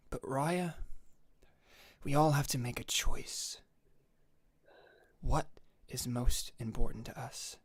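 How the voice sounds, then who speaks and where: A man narrating as game master in a tabletop game, speaking earnestly and often in a hushed voice. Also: mid-range voice, slow, long pauses, husky, no echo, studio quality.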